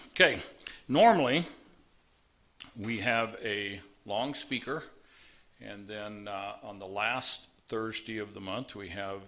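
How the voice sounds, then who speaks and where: A man's voice: on the low side, slow, a bit bright. A man chairing a recovery meeting, making announcements in an easygoing, lightly joking way.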